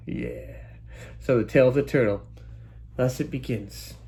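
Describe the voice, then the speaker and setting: A young man telling a childhood story in a casual, animated way, full of sound effects and exclamations. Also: medium pitch, normal speed. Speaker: storytelling vlogger.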